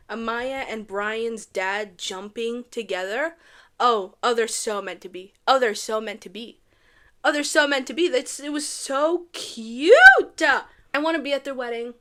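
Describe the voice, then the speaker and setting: A young Canadian woman recaps a reality dating show, casual and animated, gushing and repeating lines for effect. Her voice sits a little high.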